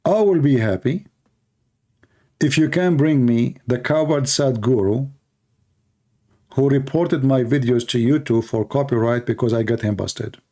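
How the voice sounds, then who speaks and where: Mellow-voiced man ranting sarcastically. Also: mid-range voice, a little slow. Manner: mocking, sarcastic, acts out opponents. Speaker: livestream debate host. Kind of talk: casual livestream rant.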